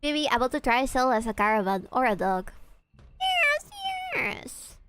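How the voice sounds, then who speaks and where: A woman's voice: on the high side, normal speed, a bit bright, clear, resonant tone, dry recording. A young woman from Peru, streaming a game and joking and teasing with her chat, swearing casually. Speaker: VTuber streamer.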